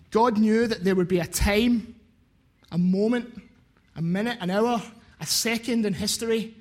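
Man, preacher, high voice, earnest sermon, repeats phrases for emphasis.

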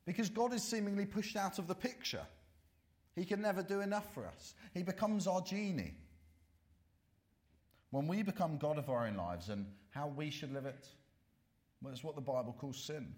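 A man preaching a sermon, moving from bright questions to slow, hushed warnings. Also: on the high side, animated. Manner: dramatic swings from loud to hushed, slow emphatic warnings.

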